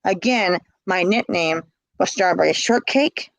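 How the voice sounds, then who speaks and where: A woman's voice: lowish voice, unhurried, creaky, no echo, low-quality recording. Woman telling her story, blunt, repeats herself a lot, pretty dry sound. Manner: blunt and emphatic, repeating words. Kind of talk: casual spoken storytelling.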